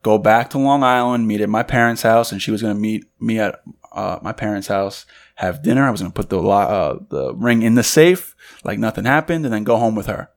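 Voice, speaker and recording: A man, co-hosting a podcast, telling a story in animated fashion and acting out what others said. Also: on the low side, fairly quick, creaky. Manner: animated storytelling, acts out quotes. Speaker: podcast co-host. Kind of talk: casual chat.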